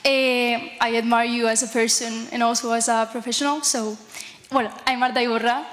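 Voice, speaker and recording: A young woman asks a polite, formal question. Her voice is high. It rings with a long hall reverb. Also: flat delivery, normal speed, fairly bright tone. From Spain. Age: young adult. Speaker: student asking a question.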